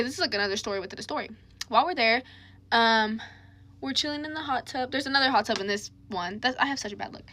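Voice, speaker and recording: A woman's voice: a little high, bright, forceful tone. A young woman telling a personal story in a casual storytime monologue, chatty and full of "like", quoting people in her own voice.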